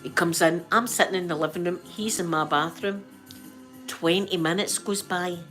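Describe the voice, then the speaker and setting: A middle-aged Scottish woman hosting her channel, telling a story in an animated, chatty, colloquial way. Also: on the low side, moderate pace, soft background music. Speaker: channel host. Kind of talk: storytelling chat.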